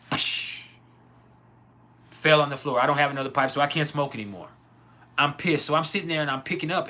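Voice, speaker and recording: A man's voice: mid-range voice, pushed and bright. A man hosting his own channel, telling a personal story in a candid, profane, rambling way with many restarts. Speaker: channel host.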